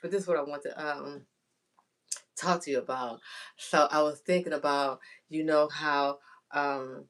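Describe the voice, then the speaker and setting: A woman's voice: low-pitched, steady tone, unhurried. Woman rambling to her viewers about god and life, chatty, lots of "you know" and "right?". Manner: homespun, chatty, addresses viewer directly. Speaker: vlogger. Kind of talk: casual faith musing to viewers.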